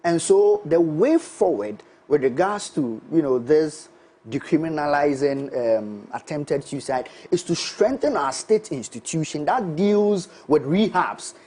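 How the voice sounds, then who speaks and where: A man with a Ghanaian English accent arguing his point deliberately as a panelist in a studio discussion. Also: breathy edge. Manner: deliberate, argumentative, lively pitch swings. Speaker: show panelist.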